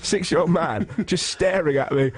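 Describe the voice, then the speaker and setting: A man's voice: fairly high pitch, moderate pace. An English man co-hosting a radio show, telling a funny story with lots of energy and acting out people in silly voices. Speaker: radio co-host. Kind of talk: excitable comic storytelling. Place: radio studio.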